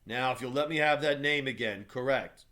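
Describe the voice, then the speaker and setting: A man's voice: mid-range voice, normal speed, bright, forceful tone, pitched above the performer's own voice, natural voice. A man reading aloud voices a brusque, suspicious policeman with a demanding manner.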